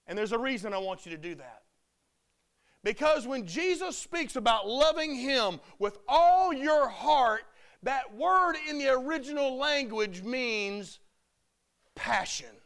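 A man preaching a sermon with emphatic delivery, building to loud shouted peaks. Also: extremely high pitch, lively intonation, measured pace.

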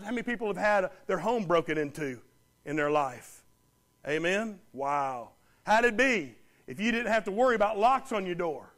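A man delivers a sermon in a notably high voice. He is emphatic, repeats key lines, and keeps asking the congregation questions. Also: a bit bright. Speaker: pastor.

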